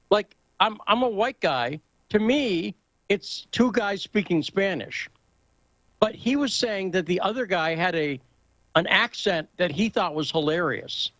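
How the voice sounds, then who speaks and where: A man's voice: high-pitched, a bit bright, dry recording. Guy hosting a talk show, rambly storyteller, dry muffled audio. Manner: rambling, anecdotal, asks for agreement. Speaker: host. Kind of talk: casual political talk show chat.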